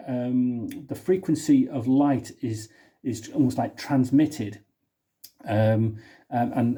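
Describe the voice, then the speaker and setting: A singer and video host from the United Kingdom talks casually to camera in an indoor room, thinking aloud with many restarts in vlog style. His voice is warm and medium-pitched.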